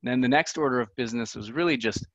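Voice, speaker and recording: A man gives a casual talk to a remote audience. He chats, jokes at his own expense and leans on fillers. His medium-pitched voice comes through dull, dry webinar audio with no room sound. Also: quick pace, a bit bright, no echo. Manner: chatty and self-deprecating, with many fillers. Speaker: conference speaker.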